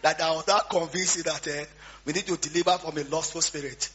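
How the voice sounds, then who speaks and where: A man preaching a storytelling sermon, swinging between quiet asides and loud shouts. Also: fairly high pitch, fairly even intonation, fairly quick. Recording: dull lo-fi sound with faint hum.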